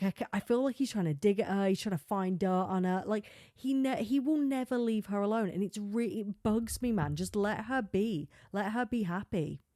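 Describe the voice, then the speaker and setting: A woman hosting a solo podcast, chatting in a rambling way, full of filler words and quick laughs. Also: medium pitch, warm tone, dry recording, clean studio sound. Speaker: podcast host. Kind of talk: casual solo podcast chat.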